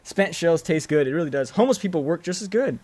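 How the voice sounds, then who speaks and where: A young man streaming a video game, chatting casually with viewers, excitable and swearing freely, yelling when the action heats up. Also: fairly high pitch, fast, no room sound. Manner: excitable, swears freely, yells during fights. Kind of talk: casual live-stream chat and gameplay commentary.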